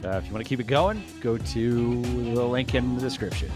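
A man co-hosting a casual podcast chat, talking in an animated way and acting out little quoted voices. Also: mid-range voice, moderate pace, over music. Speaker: podcast co-host.

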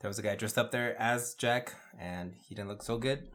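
A male podcast guest tells his story plainly and matter-of-factly. His voice sits a bit low. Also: moderate pace, fairly bright tone. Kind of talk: casual chat.

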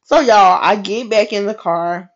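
Woman host, conversational devotional storyteller, lively and chatty, mid-range voice, slightly muffled recording. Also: mid-range voice, measured pace. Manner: animated and chatty, slips into quoted voices, laughs. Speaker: podcast host. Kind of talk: casual faith storytelling monologue.

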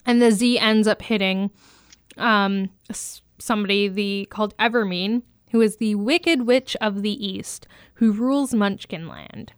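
Smooth-voiced Canadian East Coast woman. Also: mid-range voice, measured pace, no room sound, clean studio sound. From Eastern Canada. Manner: rambling and self-teasing, many fillers. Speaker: podcast co-host. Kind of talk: casual chat.

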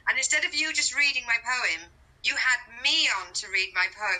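A woman from Wales with a Welsh accent, a comedian telling a cheeky, animated story about how she started. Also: sits high, a little fast, low-quality recording. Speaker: comedian, poet. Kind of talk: casual chat.

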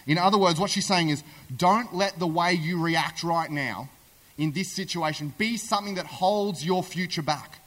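Brief: conversational preacher, man, slightly high voice, long hall reverb. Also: normal speed. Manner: animated storytelling, conversational. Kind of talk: sermon. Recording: echoey hall.

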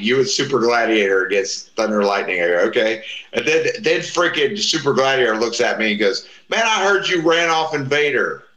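A middle-aged man telling stories in casual talk, acting out the voices of the people he quotes. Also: fairly low pitch. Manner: animated, acts out quoted voices. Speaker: guest. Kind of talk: casual storytelling. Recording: roomy echo.

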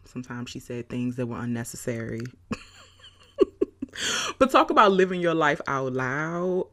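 A woman hosting her own podcast, telling stories in an animated, chatty way with frequent laughter. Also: very deep voice, moderate pace. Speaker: podcast host. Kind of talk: casual podcast monologue.

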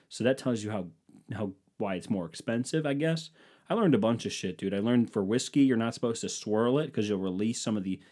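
Young American male podcast host, lowish voice, casual profane storyteller who acts out the exchanges. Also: a little mellow. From United States. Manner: rambling, profane, jokey, acts out quoted exchanges.

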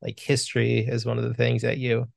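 Gravelly guy on a movie podcast, joky and self-deprecating, dry close mic. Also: mid-range voice, completely flat delivery, brisk, a little mellow, no room sound. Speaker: podcast co-host. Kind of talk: casual film chat.

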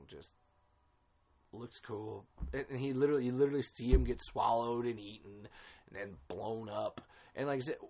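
A man hosting a casual film commentary podcast, ranting with exasperation and swearing freely. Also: mid-range voice. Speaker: podcast host.

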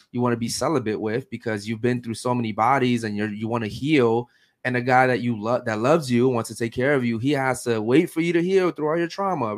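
Emphatic man hosting a podcast. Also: medium pitch. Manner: emphatic, keeps asking "right?". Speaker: podcast host. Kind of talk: casual podcast chat.

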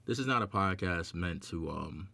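A man hosting a podcast in casual chat, animated, laughing often and acting out quoted voices. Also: low voice, moderate pace, creaky, no echo. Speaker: podcast host.

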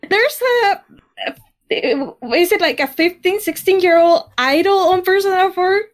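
A woman in casual podcast chat, speaking in a measured way with hesitant fillers and wry exasperation. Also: very high-pitched, expressive. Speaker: podcast co-host.

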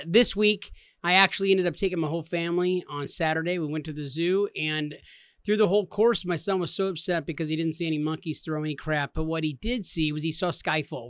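Male podcast co-host, thirties, high and bright, lively storyteller voice, dry sound. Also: no room sound. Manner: animated, laughing, acts out quotes. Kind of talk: casual storytelling.

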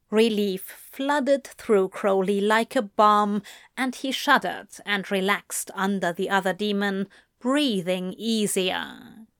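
A woman narrating a story aloud at an unhurried, even pace. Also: medium pitch, no echo, studio quality. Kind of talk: amateur audiobook reading.

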